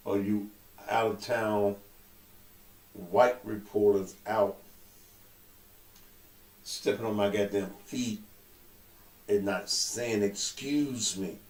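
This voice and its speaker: A man with a cold, hosting his own show with loud, profane commentary that swings between low mutters and outbursts. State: suffering with a cold. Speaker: show host. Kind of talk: casual talk-show commentary. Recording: echoey room.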